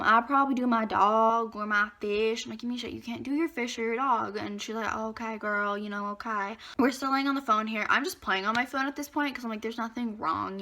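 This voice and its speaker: A teenage girl telling a dramatic school story in a chatty storytime vlog, acting out what others said. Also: fairly high pitch. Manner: chatty, animated retelling with acted-out quotes. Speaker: vlogger.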